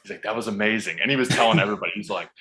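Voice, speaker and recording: Guy in his 30s, kinda low voice but bright and forceful, swears a lot, easygoing storyteller. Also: rapid-fire. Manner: laid-back, swears freely, acts out quotes. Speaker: podcast guest, football player. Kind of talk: casual storytelling.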